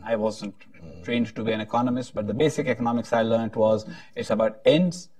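A man's voice: medium pitch, fairly even intonation, brisk, a little mellow, dry recording, distant mic. A man moderating a panel discussion, talking in a rambling, hesitant way with frequent restarts.

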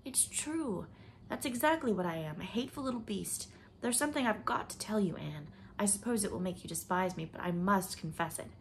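A woman's voice: mid-range voice, expressive, fairly quick, a little hiss or hum, lightly acted. Troubled young woman, emotional, breaks into whispers as a woman reads her part. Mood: anguished. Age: young adult. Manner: emotional, at times dropping to a whisper.

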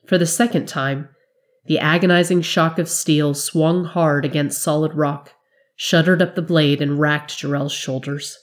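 A woman narrates fantasy fiction with a low voice, keeping her reading steady. Her manner is measured, with a dramatic touch.

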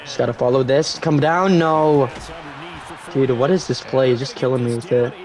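A young man giving live commentary on his own football video game, cheering loudly on big plays and grumbling when things go wrong. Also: mid-range voice, steady tone, normal speed. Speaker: gaming YouTuber.

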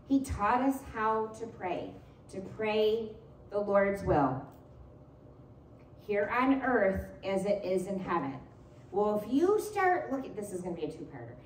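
A middle-aged woman pastor preaching a sermon, telling playful stories with laughter. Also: medium pitch. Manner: animated, playful storytelling with laughter. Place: church sanctuary. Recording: roomy church echo, distant mic.

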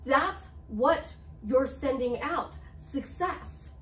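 A woman's voice: sits high, animated, a little slow. A woman life coach giving a motivational talk, repeating affirmations with emphasis. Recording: roomy, slightly distant mic with faint hiss.

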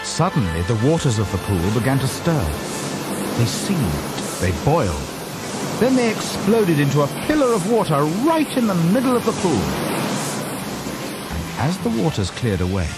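A male narrator reads a children's tale with lively, expressive ups and downs in his mid-range voice. The delivery is scripted and animated, and music plays steadily behind him. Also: medium pitch. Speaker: storyteller. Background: background music.

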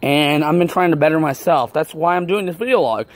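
A man's voice: on the high side, a little fast, dry recording, lightly acted. An actor playing a nervous, out-of-shape man who rambles apologetically while vlogging outdoors, out of breath. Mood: flustered. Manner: apologetic, rambling, with many ums. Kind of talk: film acting as a self-filmed video log. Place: outdoors, walking near an apartment complex.

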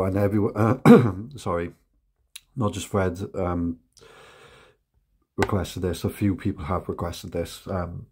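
A man's voice: deep voice, darkish tone, husky. A British man hosting a reaction channel, chatting casually with lots of ums and frequent laughter.

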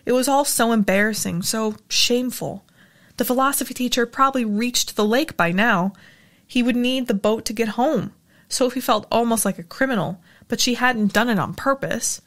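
A woman's voice: fairly high pitch, normal speed. Woman reading a novel aloud. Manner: steady storytelling narration. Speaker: audiobook reader.

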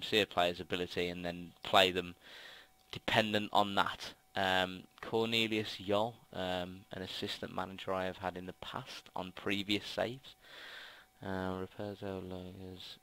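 A man's voice: low-pitched, fairly bright tone, clear, resonant tone, dry recording, rough recording. A young man with a Brummie accent giving casual game commentary into a headset mic, rambling with lots of ums and restarts. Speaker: gaming commentator. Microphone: gaming headset mic.

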